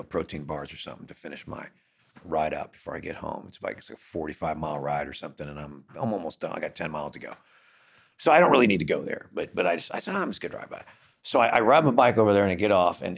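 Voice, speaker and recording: A middle-aged man with a low, gravelly voice tells a story on a podcast. He talks casually and acts out each line of dialogue with lively energy. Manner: animated, acts out dialogue in quotes. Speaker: podcast host. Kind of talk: conversational storytelling.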